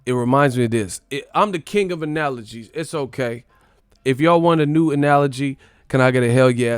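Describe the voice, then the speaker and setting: A young man hosts a casual live stream, riffing in loose slang and calling out to his viewers. His voice is smooth and clear, recorded close and dry with no room sound. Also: medium pitch, no room sound. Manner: loose, joking, slangy, talks to chat.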